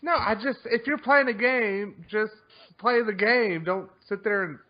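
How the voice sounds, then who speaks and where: A man co-hosting a gaming podcast, talking fast and defensively in casual banter, often laughing. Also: sits high. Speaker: podcast co-host. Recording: dull lo-fi online podcast audio.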